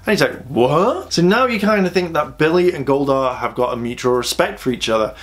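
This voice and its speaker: A man's voice: a little high, fast. A man reviewing a comic book in a casual vlog, retelling it in a rambling, enthusiastic way with many fillers.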